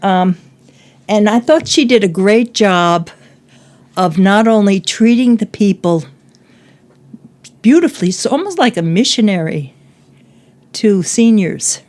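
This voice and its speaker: A woman's voice: mid-range voice, lively intonation, slow pace, pauses often, darkish tone. An older woman chatting about a book as a guest, laughing often and acting out quoted lines. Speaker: guest, host's mother. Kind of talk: casual book discussion.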